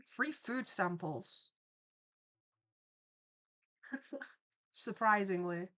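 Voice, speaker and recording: A young woman, hosting a livestream and chatting casually while she draws, telling rambling stories full of asides. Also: mid-range voice. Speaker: livestream host and artist. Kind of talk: casual chat while drawing on stream.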